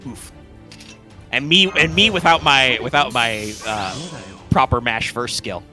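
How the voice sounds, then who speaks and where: Over faint background music, a man with a medium-pitched voice talks a little slowly, sounding pushed and bright. He co-hosts a casual gaming podcast on a live stream microphone, rambling with plenty of fillers, restarts, and casual swearing.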